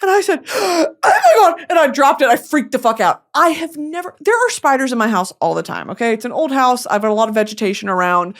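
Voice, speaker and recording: A woman's voice: a little high, lively intonation, fast, few pauses, fairly bright tone. A young woman, hosting a podcast in a casual comedic monologue full of swearing and dramatic asides. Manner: chatty, swearing, dramatic asides, mock voices. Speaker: podcast host.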